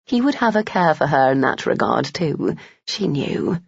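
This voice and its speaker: An audiobook narrator reading a romance novel in a measured storytelling manner. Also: medium pitch, very animated, gravelly, husky, no room sound, highs cut off.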